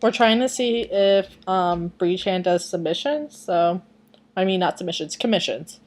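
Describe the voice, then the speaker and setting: Reading fan fiction aloud through her computer's webcam microphone, a woman speaks a little slowly in a lowish voice with lively intonation. She rambles, mumbles at times, and pokes fun at herself.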